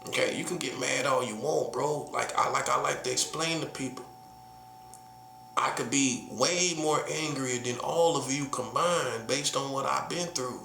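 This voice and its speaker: Southern guy from north carolina preaching off the cuff, gravelly voice, echoey room. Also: mid-range voice, moderate pace, bright, forceful tone, slight background noise. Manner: emphatic, slangy, full of rhetorical questions. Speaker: prophet. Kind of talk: casual preaching monologue.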